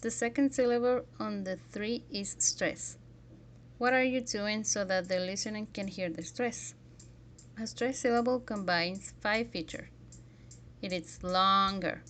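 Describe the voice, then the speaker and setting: A woman's voice: medium pitch, a bit bright, slight background noise. A woman teaching a pronunciation lesson, carefully modelling example words one by one.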